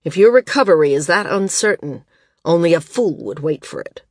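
A woman's voice: fairly low pitch, animated, normal speed, a little mellow, dry recording, clean studio sound. A woman reading the lines of a stern, domineering male ruler in an audiobook, in cold, demanding questions.

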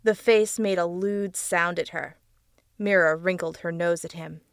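A woman reads a dark audiobook tale at an unhurried pace, with a gravelly texture in her voice. The sound is close and dry, with no room around it. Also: lowish voice, fairly even intonation, no room sound. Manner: slow, measured reading. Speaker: audiobook narrator. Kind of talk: storybook narration.

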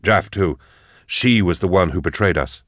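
Man reading a tense male rescuer, hushed, urgent, deep voice, dry. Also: moderate pace, no echo.

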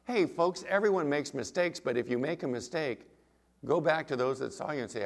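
A man's voice: on the high side, a little fast, creaky. A man preaching a sermon as pastor, emphatic, with rhetorical questions to the congregation.

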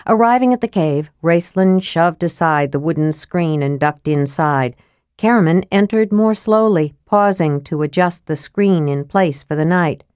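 A woman with a low voice reads an audiobook at a steady pace. The recording is dry and close-miked. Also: measured pace, clear, resonant tone, no room sound. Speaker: narrator. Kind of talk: audiobook narration.

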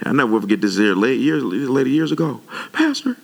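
A male pastor delivering an animated sermon, his pitch jumping up when he gets worked up. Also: quick pace, gravelly.

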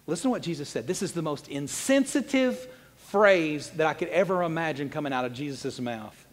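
A man preaching a sermon as a pastor, animated, swinging between loud emphasis and quiet asides. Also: on the high side, quick pace, long reverb tail. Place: church sanctuary.

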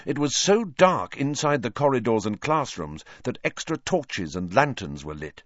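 A man narrating an audiobook in a lively, expressive storytelling manner. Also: medium pitch, moderate pace, no room sound. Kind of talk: scripted narration. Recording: dull lo-fi dry recording.

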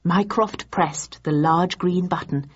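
A woman narrating an audiobook in an even, measured storytelling voice. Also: lowish voice, husky, highs cut off. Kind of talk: scripted narration.

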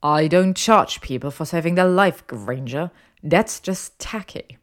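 A cocky, sardonic young wizard with a low, dry and clipped delivery, voiced by a woman reader. He sounds sarcastic and quick to anger, in a storybook read aloud. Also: lively intonation. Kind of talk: audiobook character voice.

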